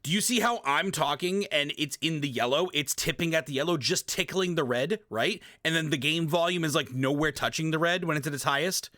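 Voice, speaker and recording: Speaking fairly quickly with hardly any pauses, a man with a slightly high voice streams a casual tutorial from his home gaming rig. There's no room sound and the quality is studio-clean, though he often faces away from the desk mic; he swears, repeats himself and punctuates with animated sound effects.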